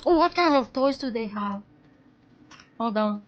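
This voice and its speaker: Excitable woman streamer, high-pitched. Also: unhurried, highs cut off. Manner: excitable, with sudden high squeals and soft mutters. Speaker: VTuber streamer. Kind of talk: casual live-stream chat with viewers.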